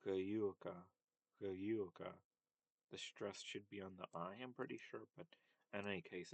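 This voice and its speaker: Low, flat-voiced man explaining slowly. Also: no echo. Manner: hesitant, many fillers and self-corrections. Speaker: language teacher. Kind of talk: casual linguistics lesson.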